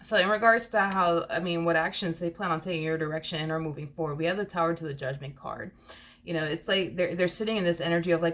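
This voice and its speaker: Woman, lower voice, casual tarot reader, chatty, giggly, repetitive. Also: fairly quick, fairly bright tone. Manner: chatty, giggly, repeats herself a lot. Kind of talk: casual tarot reading to camera.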